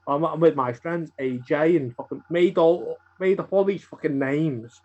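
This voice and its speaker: A man's voice: a little high, mellow. Sweary Merseyside man, muffled recording. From Birkenhead, England. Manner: sweary, filler-heavy, rushes bursts of words. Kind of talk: casual storytelling chat. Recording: dull lo-fi sound.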